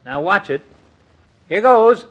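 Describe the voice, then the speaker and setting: An actor playing a pompous, hot-tempered doctor on the golf course, in 1940s radio comedy. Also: male voice, high voice, expressive, slow, lo-fi sound, full character voice. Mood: blustering. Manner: blustering, grand.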